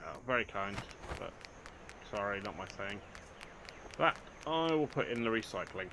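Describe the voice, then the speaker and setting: A man's voice: fairly low pitch, sing-song, normal speed, noisy background. An older man, chatting casually through a let's play, joking at his own expense. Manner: chatty, self-mocking, dry humour, talks to game characters. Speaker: gaming channel host.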